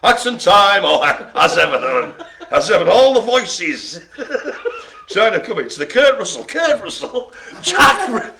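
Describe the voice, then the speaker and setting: Guy calling bingo, jokey and laughing a lot, bouncy pitch, bright voice. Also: wildly swooping pitch, a little slow, gravelly, a little hiss or hum. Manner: playful, laughing, chatty banter. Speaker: bingo caller and host.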